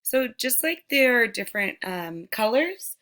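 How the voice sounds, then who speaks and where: A woman teacher giving a recorded phonics lesson to young children, sounding out words slowly and speaking to them directly. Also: a little high, very animated, a bit bright. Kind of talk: slow, deliberate remote phonics lesson.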